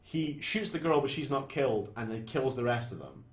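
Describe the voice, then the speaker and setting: A young Scottish man recapping a film in casual chat, animated, swearing freely and acting out lines from scenes. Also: mid-range voice, moderate pace. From Scotland. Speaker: podcast co-host. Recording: roomy echo.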